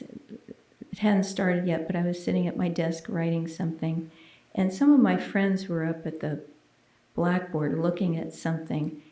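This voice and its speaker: Slow, earnest woman giving a sermon. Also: on the low side. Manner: earnest, intimate storytelling, sometimes dropping to a hushed near-whisper. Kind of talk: personal testimony in a sermon. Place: church sanctuary. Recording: roomy, echoey sound.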